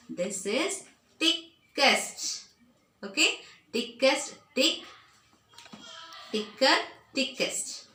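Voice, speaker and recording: A woman teacher explains grammar to children, drawing out each word patiently and often checking that they follow. Her voice sits a little high and moves slowly. It comes from some way off the mic, in an echoey room with noise behind her. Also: sharp tone. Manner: patient, repeats words slowly, frequent "okay, children?" check-ins. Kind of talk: classroom grammar lesson. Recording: echoey room, voice from far off, noisy background.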